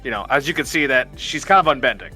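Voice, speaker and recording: A man's voice: medium pitch, animated, quick pace, sharp tone. A man playing a tabletop game, talking casually in character, reassuring and rambling with many fillers, over light background music. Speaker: player.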